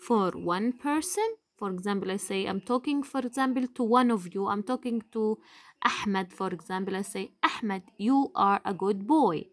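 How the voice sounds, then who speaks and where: A young woman teacher giving a patient, deliberate lesson to young children, stretching out key words for emphasis. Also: mid-range voice, no echo. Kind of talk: slow, deliberate classroom explanation.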